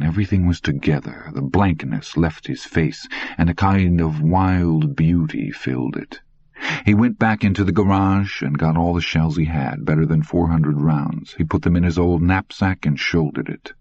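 A man's voice: low voice, darkish tone, muffled recording. A man narrating an audiobook with intense, dramatic storytelling.

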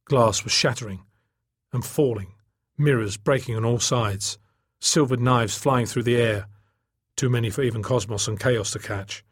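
This male audiobook narrator has a husky, mid-range voice and reads scripted narration at a moderate pace. It's a studio-quality recording with no room sound.

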